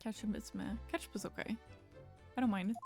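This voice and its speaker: A woman streamer chatting casually with her viewers while she plays, laughing easily and greeting newcomers by name. Her voice sits at an ordinary middle pitch, with faint game music underneath. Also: fast, vocal fry, a little mellow. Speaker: live streamer. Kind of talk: casual live-stream chat while gaming.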